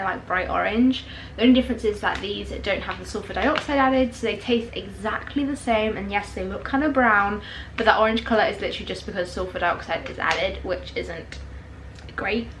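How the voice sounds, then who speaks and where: A woman's voice: mid-range voice, fairly bright tone, reverberant, a little hiss or hum. A young British woman chatting casually in a food vlog at home, bubbly and full of "like". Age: young adult. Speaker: vlogger. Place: home kitchen and garden.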